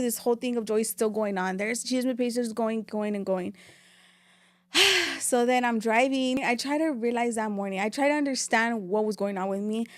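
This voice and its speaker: A young woman rattles through her story as a podcast guest, flipping freely between English and Spanish. Her voice sits a little high, and she speaks very quickly. The sound is close and dry, with no room around it. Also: no room sound. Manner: rapid, animated, switching between English and Spanish. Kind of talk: casual interview storytelling.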